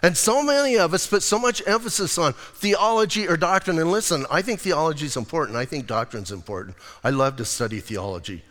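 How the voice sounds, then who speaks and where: Man, pastor, high lively voice, casual preaching, echoing church hall. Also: fairly quick, hardly any pauses. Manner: animated, conversational preaching with acted-out quotes. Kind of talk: sermon.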